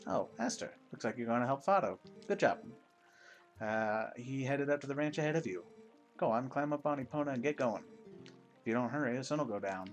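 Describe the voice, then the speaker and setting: A man's voice: medium pitch, lively intonation, brisk, faint music behind, close to an everyday voice. A man voicing a cheerful older male village mayor in a video game, hearty and a bit bossy.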